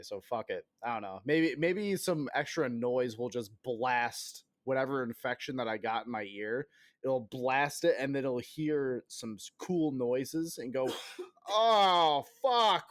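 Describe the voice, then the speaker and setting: A game streamer in his thirties chats casually with viewers at a mid-range pitch, rambling, making self-mocking jokes and swearing freely. He's recovering from an illness and still coughs now and then, and the sound is dry with little room echo.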